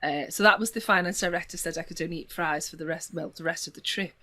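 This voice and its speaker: An English woman chatting as a podcast guest, telling animated stories with gasps and laughs. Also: on the low side, fast. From England. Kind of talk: casual chat.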